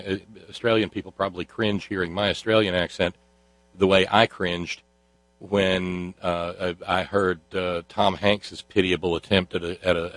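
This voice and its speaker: Man, talk show host, sardonic monologue, lots of uh and restarts, low voice. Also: dry recording. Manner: sardonic, halting with many fillers and restarts.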